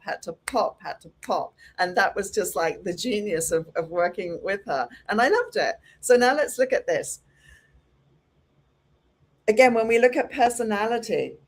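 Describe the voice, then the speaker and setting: Animated woman teaching a hair class. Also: mid-range voice. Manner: animated, acts out clients with exclamations. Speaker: hairdressing educator.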